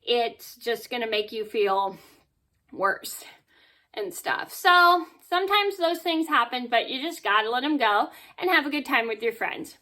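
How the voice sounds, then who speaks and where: A woman chats to camera, telling a story from her day. Her voice sits on the high side and sounds bright and a little sharp. She rambles with fillers and tosses in "blah, blah" to skip details. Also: measured pace. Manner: chatty and animated, with fillers and "blah blah". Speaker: vlogger.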